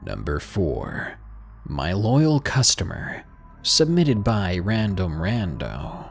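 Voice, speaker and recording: A man narrating a true scary story in an expressive, dramatic reading style with hushed asides. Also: sits low, takes it slowly, vocal fry, faint music behind. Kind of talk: scripted horror story narration.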